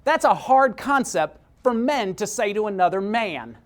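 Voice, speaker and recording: A middle-aged man giving a motivational talk, telling stories with big swings in pitch and loudness. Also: expressive, measured pace. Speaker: speaker. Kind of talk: motivational speech.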